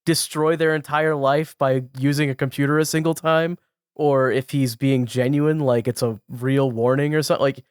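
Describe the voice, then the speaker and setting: A man's voice: mid-range voice, fairly even intonation, moderate pace, smooth, dry recording, clean studio sound. A man co-hosting a podcast, chatting casually, rambling with lots of "like" and laughing between thoughts. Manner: rambling, heavy "like" fillers, giggly. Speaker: podcast co-host. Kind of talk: casual chat.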